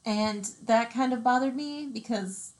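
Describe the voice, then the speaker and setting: Lady chatting, kinda high voice, opinionated, lots of restarts. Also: measured pace. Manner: opinionated, thinks aloud with trailing restarts. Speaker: co-host discussing a film. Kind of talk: casual chat.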